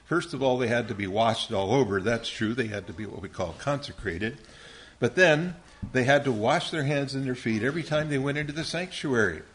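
A man's voice: medium pitch, animated, brisk, fairly bright tone. A man teaching a Bible lesson to young listeners, quizzing them patiently and calling on them by name.

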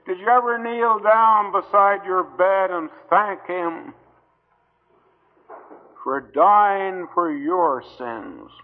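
A man preaching an old-time gospel sermon to a gathering in a hall, slow and earnest, pleading with his listeners through long pauses. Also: sits high. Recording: tinny old hall recording.

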